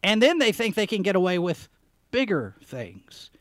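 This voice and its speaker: A man's voice: high voice, big pitch swings, moderate pace, fairly bright tone, no echo. A man hosting a live podcast show, talking casually about the news, rambling and repeating phrases for emphasis with plenty of fillers. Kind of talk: casual live-stream commentary.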